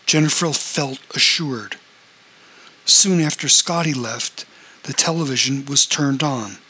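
Man, audiobook narrator, steady reading, bright tone, breathy edge. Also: mid-range voice, slow pace, poor audio.

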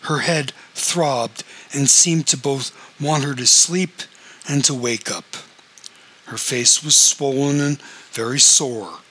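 A man reading a story aloud as the narrator, in a steady, even manner. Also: mid-range voice, slow, husky, rough recording. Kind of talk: audiobook narration.

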